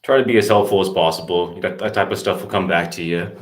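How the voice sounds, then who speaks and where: Brief: deep-voiced, easygoing male phone prospector, recorded in a roomy, echoey space. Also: fast talker. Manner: polite, easygoing, explains his process. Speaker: real estate appointment setter. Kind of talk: cold-call demo with commentary. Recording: roomy echo.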